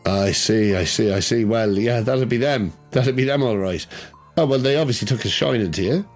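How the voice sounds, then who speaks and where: A man voicing a brisk, sly Irish woman who runs a shop with her husband, talking smoothly and coaxingly. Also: medium pitch, darkish tone, soft background music, pitched above the performer's own voice, natural voice.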